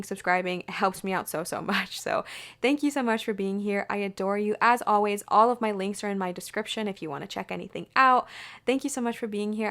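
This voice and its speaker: A young woman giving an excitable, gushing pick-a-card tarot reading in a chatty way. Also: a little high. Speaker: tarot reader.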